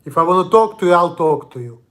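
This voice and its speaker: A man's voice: sits high, expressive, fast, fairly bright tone. A young man from Russia with a Russian accent, ranting angrily and profanely in a confrontational monologue. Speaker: vlogger. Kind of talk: angry monologue.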